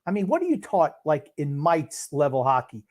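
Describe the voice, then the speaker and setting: A man co-hosting a sports podcast and reacting to a live game in casual chat, dry and gruff, with long pauses between thoughts. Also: a little high, sing-song, a little mellow. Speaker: podcast co-host. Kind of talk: casual sports commentary while watching a game.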